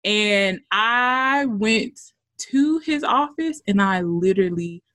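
A woman co-hosting a casual chat, telling a work story with animated delivery, swearing and acting out quotes. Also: mid-range voice, slow.

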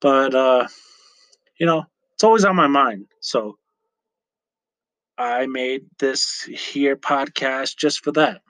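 A man hosts his own podcast in an unhurried, casual solo ramble. He talks slowly and often stops to correct himself. His voice sits at a middle pitch and sounds dry and close on the mic. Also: fairly bright tone, dry recording. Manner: rambling, chatty, self-correcting with frequent fillers. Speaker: podcast host.

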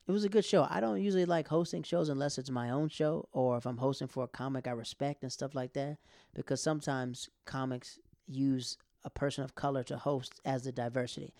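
A young man, a stand-up comic telling stories in a casual chat, animated, laughing often and acting out what people said. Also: mid-range voice, gravelly, no echo, studio quality. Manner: animated, quick bursts, laughs often, acts out quotes. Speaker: stand-up comic and podcast host.

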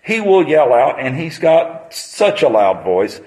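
A man's voice: a little high, big pitch swings, takes it slowly, darkish tone, low-quality recording. A man, preaching a sermon on a Bible passage in a conversational storytelling manner.

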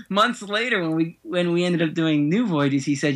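A man's voice: on the high side, animated, normal speed, few pauses, fairly bright tone. A man, an actor guest on a podcast, telling stories in a chatty way and laughing easily. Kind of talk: casual podcast interview.

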